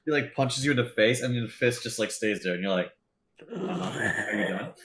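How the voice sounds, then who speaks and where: A man's voice: mid-range voice, quick pace, a bit bright, slight background noise. A man running a tabletop game as game master, narrating loosely with lots of fillers and laughs.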